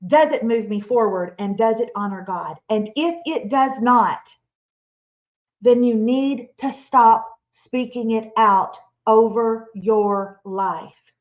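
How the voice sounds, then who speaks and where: A woman delivers a motivational Christian talk, her fairly high voice animated and playful. She sounds like she is in her forties. The webinar audio is slightly dull and lo-fi. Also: slow. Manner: animated, playful, acts out imagined listeners and quotes. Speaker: webinar speaker.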